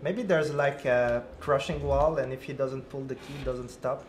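A man's voice: medium pitch, fairly even intonation, normal speed, a little hiss or hum. Brief: male game developer, mid-range voice, agreeable, echoey room. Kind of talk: live-stream design brainstorming.

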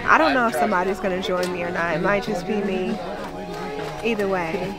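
A woman's voice: mid-range voice, a little fast, over loud music, a loud crowd. A woman vlogging casually outdoors on a trip, emotional and grateful, swearing now and then. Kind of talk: casual vlog chat.

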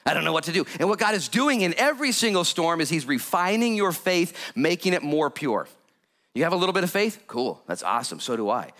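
A man preaching a lively sermon as pastor, jokey and animated, with sudden loud bursts. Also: sits high, brisk.

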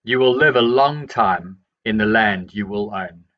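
A man reading Bible passages aloud in a measured, steady voice. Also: lowish voice, highs cut off. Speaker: Bible reader. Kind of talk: scripture reading.

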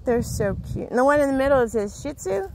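A woman's voice: sits high, big pitch swings, fast talker. A woman chatting casually on a neighborhood street while walking her dogs, cooing at them and laughing often. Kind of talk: casual chat.

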